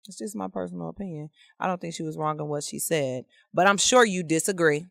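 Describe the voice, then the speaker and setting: A woman joins a casual podcast debate and lays out her opinion in a measured, reasoning way. Her voice sits slightly low for a woman. The recording is close and dry. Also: vocal fry, no echo. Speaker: podcast guest.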